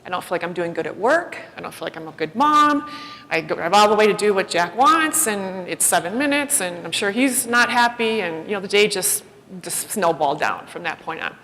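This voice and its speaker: A woman giving a personal storytelling talk as a keynote speaker, animated and self-deprecating, acting out the voices she quotes. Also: medium pitch, a little fast. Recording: long hall reverb.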